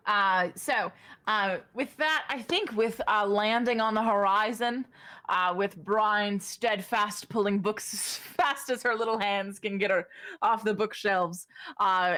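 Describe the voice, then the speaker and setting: A woman running a tabletop role-playing game as game master, narrating scenes in an animated way and laughing often. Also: mid-range voice, a little slow.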